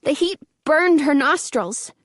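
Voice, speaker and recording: A woman narrating an audiobook in a slow, measured reading. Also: high-pitched, lively intonation, no echo, clean studio sound. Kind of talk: scripted narration.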